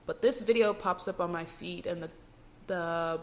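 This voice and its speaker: A woman's voice: on the low side, moderate pace, a little hiss or hum. A young woman hosting a podcast, telling her personal faith testimony in an earnest, emotional way with frequent restarts. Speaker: podcast host.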